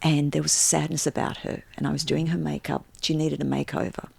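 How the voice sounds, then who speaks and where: An Australian woman with a low, gravelly voice talks in a relaxed podcast interview. She tells stories with energy and acts out the quotes. The sound is dry and close. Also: a little fast, dry recording. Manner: animated storyteller, jumps into acted quotes. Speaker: guest, stylist and make-up artist. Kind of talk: casual interview chat.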